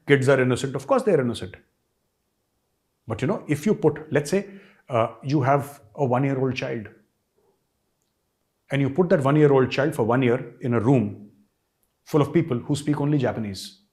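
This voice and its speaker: Host, male, middle-aged, Indian English accent; emphatic rhetorical commentary, average pitch. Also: a little mellow. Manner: emphatic, rhetorical questions, repeats points. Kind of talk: commentary monologue to camera.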